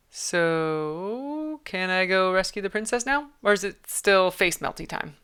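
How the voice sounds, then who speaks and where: A woman author chats and thinks aloud on a livestream as she revises her story. Her voice is fairly low, smooth and crisp, and bright. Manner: chatty, thinks aloud, self-amused. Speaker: author and streamer. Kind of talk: livestream writing commentary.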